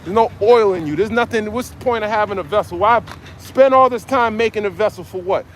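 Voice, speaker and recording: A man's voice: high-pitched, brisk, a bit bright, a little hiss or hum. A man preaching an open-air street sermon outdoors at a marketplace, fiery and exhorting, tagging his phrases with "man.".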